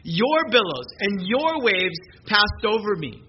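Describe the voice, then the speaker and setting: A man's voice: high voice, very animated, slow pace, hardly any pauses. A man preaching a sermon in an earnest way, often repeating words as he restarts his sentences. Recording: muffled lo-fi sermon recording with background noise.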